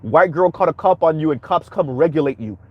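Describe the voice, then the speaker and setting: A man's voice: on the high side, expressive, fairly quick, breathy edge, no echo, dull audio. A man hosting a commentary stream, reacting bluntly and heatedly while speaking straight to his viewers. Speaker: commentary channel host.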